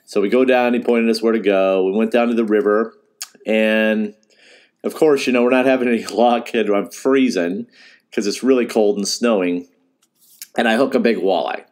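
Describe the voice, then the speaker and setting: Middle-aged fishing guide, low voice, loose emotional storyteller who trails off and restarts. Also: male voice, steady tone, normal speed, a little mellow. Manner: emotional, rambling, with laughs and restarts. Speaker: fishing guide and podcast host. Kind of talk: casual storytelling.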